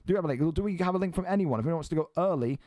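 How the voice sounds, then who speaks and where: A man's voice: on the high side, lively intonation, rapid-fire, mellow, no room sound. A man hosting and commentating an online fight league live stream, blunt and exasperated, swearing freely.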